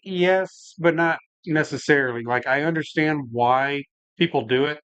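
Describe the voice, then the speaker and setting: A man's voice: fairly high pitch, normal speed, a bit bright, clean tone, no room sound. A man hosting a home brewing livestream, chatting casually and rambling, saying "like" and "man" a lot while he works and answers the chat. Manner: laid-back, rambling, says "like" and "man" a lot.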